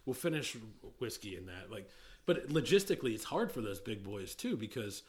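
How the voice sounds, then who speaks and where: A middle-aged man co-hosting a casual chat, rambling and often breaking off mid-sentence, quick to laugh. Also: on the low side, sing-song, darkish tone. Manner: rambling, self-interrupting, laughs easily. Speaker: podcast co-host, whiskey industry veteran.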